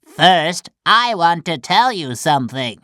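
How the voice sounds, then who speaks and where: A woman voicing a hundred-year-old talking cricket who lectures slowly and sternly. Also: fairly low pitch, very animated, a bit bright, no room sound, clean studio sound, voice pushed up, exaggerated voice. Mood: scolding. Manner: slow, scolding and lecturing.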